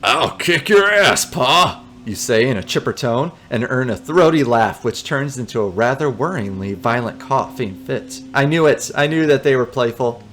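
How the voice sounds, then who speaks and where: Playing through a text adventure, a man speaks in a mid-range voice with lively intonation, normal speed and few pauses. He reads out the narration and tosses in amused, joking comments between passages.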